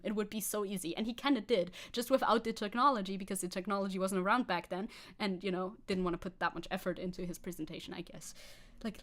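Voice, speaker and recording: A woman VTuber streaming live, chatting casually and sarcastically while reading and answering chat. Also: mid-range voice. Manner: sarcastic, reads chat aloud and laughs often.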